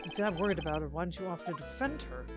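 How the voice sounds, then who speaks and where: A woman's voice: lowish voice, animated, rapid-fire, over loud music. Phoenix Wright, read by a woman, wry. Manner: wry, dry inner remarks. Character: young male defense attorney, wry and doubtful.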